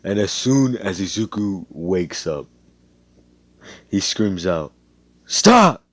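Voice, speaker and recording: Deep-voiced young man rambling a story. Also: animated, slow pace, darkish tone, dry recording. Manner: rambling and slangy, with swearing and fillers. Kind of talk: casual fan story narration.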